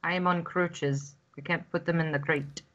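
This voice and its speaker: A woman's voice: sits low, fairly even intonation, moderate pace, a bit bright, dull audio. A woman chatting casually while playing a game with friends, with chatty asides. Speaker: let's play player. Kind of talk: casual gaming chat.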